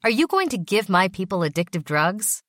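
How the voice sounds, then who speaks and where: A woman's voice: mid-range voice, very animated, normal speed, a bit bright, no room sound, clean studio sound, pitched above the performer's own voice. A woman reading the part of a distant, pensive male corporate officer who keeps asking questions. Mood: probing. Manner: questioning, musing.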